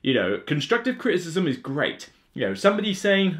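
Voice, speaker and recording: A man's voice: a little high, brisk, hardly any pauses. A man with a Somerset English accent, talking casually to camera as a board game video host, ranting with lots of fillers. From England (Somerset). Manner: animated, rant-like, with many fillers.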